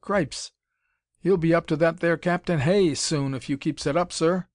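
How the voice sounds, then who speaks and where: Brief: man playing a small wizened Cockney mechanic, twangy, chatty, raised pitch. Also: moderate pace, no echo, clean studio sound, close to an everyday voice. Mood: admiring. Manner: dropped h's, excitable.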